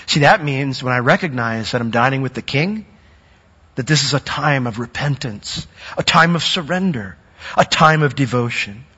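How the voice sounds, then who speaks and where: A man preaching a sermon, earnest, growing louder and higher when he acts out a worshipper's doubts. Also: husky. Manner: earnest, rising in pitch and force when acting out a doubting worshipper's words. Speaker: pastor. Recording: dull sound with long hall reverb.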